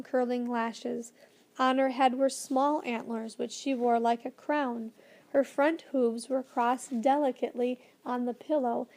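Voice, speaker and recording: A woman narrating a children's storybook with a gentle, expressive reading. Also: a little high. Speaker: audiobook narrator.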